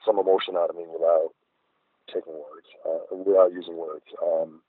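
Middle-aged man, very low voice, reflective rambling speech, dry phone-like line. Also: level tone, moderate pace, breathy edge, no room sound. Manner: reflective, rambling with many fillers. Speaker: guest artist. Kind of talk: casual interview chat.

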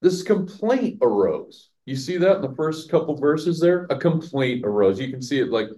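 A man's voice: mid-range voice, sing-song, normal speed, dark tone. A man teaching a Bible passage verse by verse, chatty, asking his listeners questions and laughing at his own jokes. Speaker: pastor teaching a Bible study.

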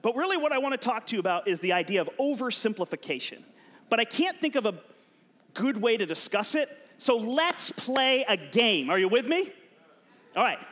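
A man giving an energetic, joking sermon as a youth pastor, urging his audience to join in and shout out answers. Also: fairly high pitch. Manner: animated and joking, prompts the crowd to shout answers.

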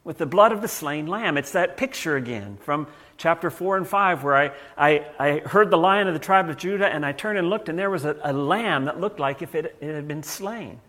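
A man's voice: a little high, expressive, moderate pace, hardly any pauses, fairly bright tone. A man preaching a sermon in a conversational way, often restarting and repeating words as he goes. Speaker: pastor.

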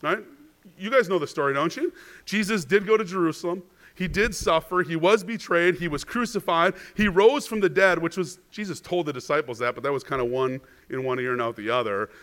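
A man's voice: fairly high pitch, a little fast, fairly bright tone. A male pastor preaching a conversational sermon. He often checks in with the congregation with "right?" and repeats words when he stresses a point. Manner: chatty, asks the congregation "right?".

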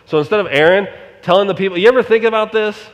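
A man's voice: sits high, fast talker, big-room sound. A male pastor preaching a sermon in a conversational way, often asking the congregation rhetorical questions.

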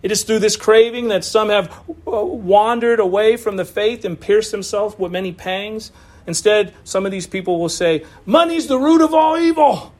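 A man's voice: high voice, steady tone, normal speed. A man preaching a sermon in a loose, conversational way, with asides and laughs, over a video call. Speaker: pastor.

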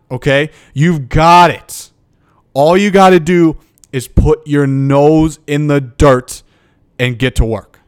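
A young man, a football coach, hosting a motivational podcast and delivering a fired-up rant that keeps checking in with "okay?". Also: a little high. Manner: fired up, emphatic, repeats "okay?".

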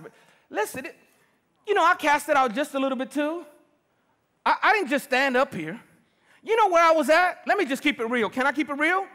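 A middle-aged man preaching a sermon as pastor, lively and personal, calling on the congregation. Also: very high voice, brisk, pauses often. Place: large church hall. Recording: long reverb of a big hall.

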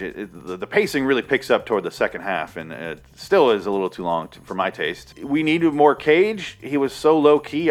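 Rambling, swearing man reviewing a movie. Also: mid-range voice. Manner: rambling, sarcastic, swears a lot. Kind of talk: casual profane movie review.

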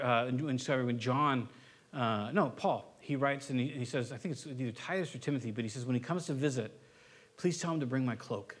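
A man pastor preaching a sermon in a conversational way, with joking asides, building to an earnest, impassioned plea. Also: medium pitch. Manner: conversational, rising to impassioned pleading; self-correcting, joking asides.

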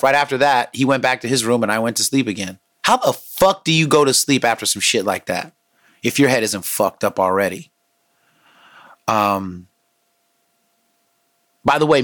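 A man hosting a podcast, telling street stories in a casual, profane, animated way and acting out quotes. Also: medium pitch. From San Francisco Bay Area. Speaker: podcast host. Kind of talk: casual storytelling monologue.

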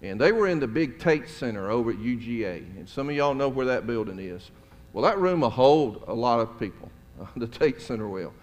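In a church sanctuary with long hall reverb, a middle-aged man delivers a storytelling sermon as pastor, folksy and conversational and dotted with chuckles. He speaks at a moderate pace in a medium-pitched voice with lively intonation.

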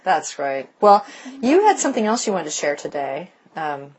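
A woman's voice: low-pitched, very animated, normal speed, husky. A woman co-hosting a podcast, chatting casually and chiming in with short supportive remarks. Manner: supportive, brief affirmations. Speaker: podcast co-host. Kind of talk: casual chat.

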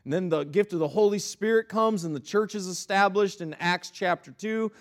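High-voiced man preaching a story-driven sermon. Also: moderate pace. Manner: animated storyteller, acting out his kids and himself. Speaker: pastor. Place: church sanctuary.

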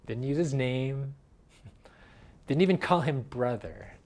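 A man preaching a sermon in an earnest way, swinging from loud emphasis to hushed, quiet phrases. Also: medium pitch, expressive, takes it slowly. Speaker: pastor.

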